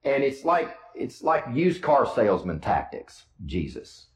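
A man's voice: medium pitch, very animated, unhurried, echoey room, poor audio. A man preaching a sermon with a Midwestern American accent, retelling scripture in casual, storytelling words. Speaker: pastor.

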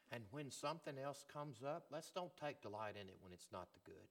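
A man preaching a sermon as pastor, swinging from loud emphatic lines to quiet, low ones. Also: animated, fairly quick, few pauses.

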